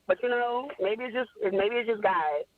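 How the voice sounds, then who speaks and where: A woman's voice: mid-range voice, normal speed, no room sound. A woman, calling in to a show and talking bluntly and with emphasis, repeating herself. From Philadelphia area. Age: 30s. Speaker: caller. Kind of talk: casual phone-in chat. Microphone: phone. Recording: tinny phone line.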